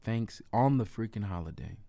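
A man's voice: lowish voice, moderate pace, creaky, no echo. A man casually telling a personal story to camera, emphatic and repeating points for effect. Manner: animated, emphatic, repetitive asides. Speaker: storyteller vlogger.

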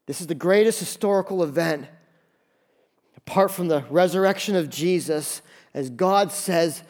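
A man delivers a sermon in a casual, conversational pastor's voice that sits a little high for a man. He stumbles and repeats phrases as he builds intensity, pressing his point home to the congregation with real urgency. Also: normal speed, a little mellow. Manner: impassioned, conversational preaching with repetitions.

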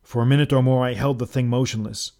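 A man telling a first-person tale in a measured, dramatic reading. His voice sits at an ordinary middle pitch for a man, and the delivery is steady storytelling narration. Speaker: audiobook narrator.

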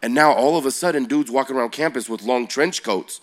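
A man's voice: medium pitch, fairly quick. A man in his forties preaching to young people, telling a story in a loose, slangy way and asking them questions. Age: 40s. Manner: animated, slangy, asks the audience questions. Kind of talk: youth sermon storytelling.

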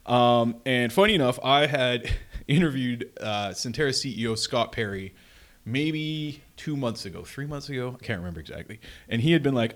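A man's voice: mid-range voice, animated, normal speed. A man co-hosting a podcast, chatting casually in a rambling way full of fillers and frequent chuckles. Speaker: podcast co-host. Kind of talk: casual chat.

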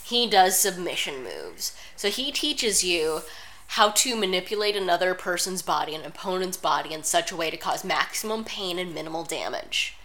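A woman's voice: on the low side, very animated, moderate pace, bright, forceful tone. Blunt, opinionated woman podcast co-host. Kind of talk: casual chat.

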